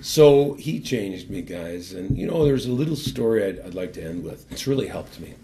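An older man, a former hockey captain, telling his personal faith story as a guest in an earnest, animated way and then leading a prayer. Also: mid-range voice, moderate pace, gravelly.

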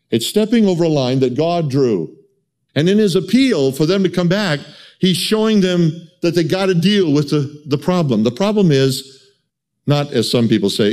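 A man preaching a sermon with passion, rising into higher pleading tones and stumbling over restarts. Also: expressive, normal speed, a little mellow. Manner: impassioned, voicing God's pleas in a higher, pleading tone; stammers on restarts.

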